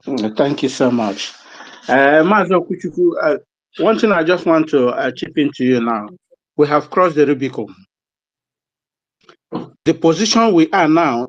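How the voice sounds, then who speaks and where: A man with a somewhat high voice makes an emphatic, urgent submission, hammering on repeated phrases. The sound is dull and lo-fi, yet dry and close. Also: lively intonation, normal speed, long pauses, no room sound. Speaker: participant in an online discussion. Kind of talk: impassioned political submission. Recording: muffled lo-fi audio.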